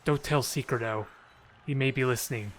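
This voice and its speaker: Man, mid pitch, playful gamer commentating his match, light trash talk, faint background hum. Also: moderate pace, fairly bright tone. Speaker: video game player and commentator. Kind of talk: casual gameplay commentary.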